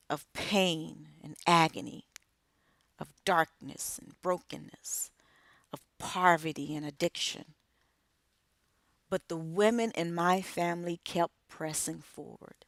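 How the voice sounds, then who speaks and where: Slow, emphatic middle-aged woman speaker. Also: lowish voice, fairly bright tone, dry recording. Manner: emphatic, measured delivery with dramatic pauses. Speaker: author and radio co-host. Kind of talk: inspirational speech.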